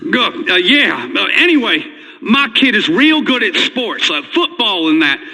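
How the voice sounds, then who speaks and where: A man's voice: sits high, big pitch swings, a little slow, sharp tone, in a large hall, full character voice. An actor playing a timid, stammering male caller to a talk radio show in a comedy game. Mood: nervous. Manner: stammering, nervous.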